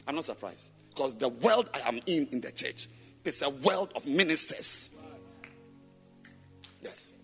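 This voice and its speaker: A man preaching a sermon in a church on a microphone, emphatic and rhetorical, firing repeated questions at the congregation and swinging between loud sing-song chanting and low murmurs. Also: lively intonation, unhurried, gravelly, long pauses, husky, soft background music. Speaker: pastor.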